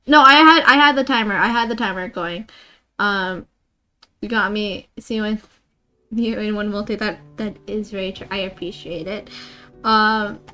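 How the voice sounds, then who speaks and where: A woman's voice: mid-range voice, moderate pace, pushed and bright, soft background music. A woman streaming a game, chatting casually with her viewers in a playfully dramatic way, sometimes dropping into a half-whisper. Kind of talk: casual live-stream chat while gaming.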